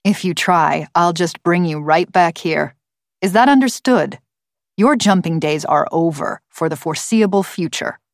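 A woman's voice: on the low side, unhurried, creaky, no room sound. A woman reading an audiobook and voicing a female computer intelligence who speaks in a dry, clipped, commanding way. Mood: stern.

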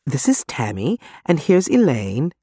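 A man's voice: medium pitch, huge pitch swings, measured pace, slightly rough, no echo, studio quality, heavily acted. A man voicing a friendly, eager, apologetic woman. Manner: bright, apologetic.

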